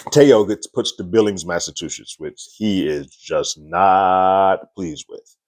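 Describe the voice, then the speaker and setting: A man's voice: low voice, slow. A man casually recapping a TV episode, talking loosely with lots of "like" and restarts. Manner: loose, chatty retelling with frequent "like" and restarts. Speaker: TV reviewer.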